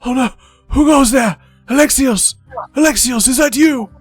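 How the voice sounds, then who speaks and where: A man voicing a frail, frightened old man who stammers and hesitates in a high, quavering voice. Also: slightly rough, no echo, faint music behind. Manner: halting, stammering.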